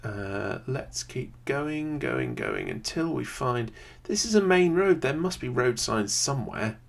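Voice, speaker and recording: A man, thinking aloud in casual gameplay commentary from a quiet home room, often pausing with "um". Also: medium pitch, very animated, creaky. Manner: thinks aloud, chatty, many "um"s. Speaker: video creator playing a geography game. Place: quiet home room with a computer under the desk.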